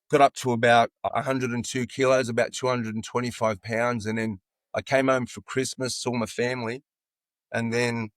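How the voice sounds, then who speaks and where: A man's voice: mid-range voice, no echo. Australian man in his sixties, telling stories. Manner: animated anecdotes, acting out quoted dialogue. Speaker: football coach, podcast guest. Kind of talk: casual storytelling in an interview.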